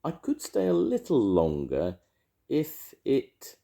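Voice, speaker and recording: An older man voicing a gentle, simple-minded, greedy male bear in a storybook, innocent and earnest. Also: mid-range voice, wildly swooping pitch, takes it slowly, vocal fry, pitched above the performer's own voice, full character voice.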